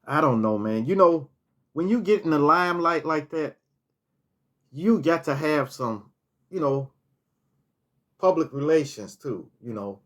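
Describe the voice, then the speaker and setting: Speaking unhurriedly with long pauses, this man has a fairly bright, expressive voice on the high side. He's a middle-aged vlogger telling casual stories, rambling, restarting words and leaning on "you know" while he remembers.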